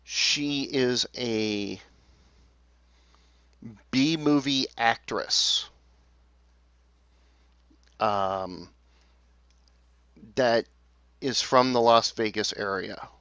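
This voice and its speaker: A man running a tabletop game as game master, talking haltingly with many fillers and restarts. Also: medium pitch, sharp tone, clear, resonant tone, dry recording, highs cut off.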